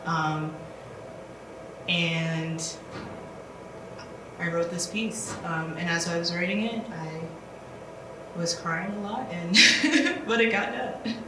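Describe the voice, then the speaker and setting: A woman's voice: fairly low pitch, fairly even intonation, slow, long pauses. A woman poet talking casually and hesitantly about her poem, with many ums and likes. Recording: distant, echoey with background noise.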